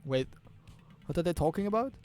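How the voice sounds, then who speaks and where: A man's voice: fairly high pitch, a little fast, faint music behind. A young man from Germany, casually commentating an esports final on a livestream, joking and swearing as he goes. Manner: excitable, joking, swears freely. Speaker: esports caster.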